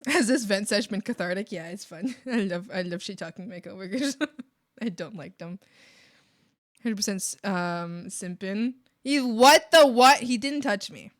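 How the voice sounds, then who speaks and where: A young adult woman streamer venting a story to her chat in a casual, animated, profane way. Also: medium pitch, moderate pace. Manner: animated, profane, mocking whiny voices. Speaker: art streamer.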